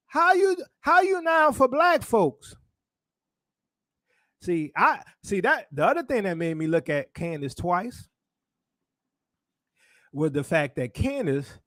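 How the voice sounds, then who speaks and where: A man's voice: very high voice, fairly bright tone, dry recording, clean studio sound. A man preaching in a casual sermon style, hammering points with repeated phrases and rhetorical questions. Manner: emphatic, repetitive rhetorical questions. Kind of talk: street-style sermon commentary.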